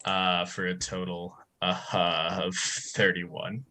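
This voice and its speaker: A man with a lowish but bright, forceful voice describes his character's moves in a tabletop game. He talks casually and hesitates now and then. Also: flat delivery, takes it slowly. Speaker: player.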